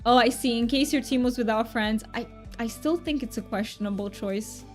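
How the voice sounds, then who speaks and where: A woman's voice: fairly high pitch, soft background music. A woman streaming a game, chatting casually with her party and gushing with delight. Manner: chatty, excitable, quick gasps of delight. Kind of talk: casual live-stream chat while gaming.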